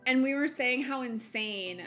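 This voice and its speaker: Young American woman, giggly stream chatter, bright and fairly high voice. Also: measured pace, soft background music. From United States. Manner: chatty, giggly, lots of fillers. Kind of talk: casual chat while gaming, reading chat.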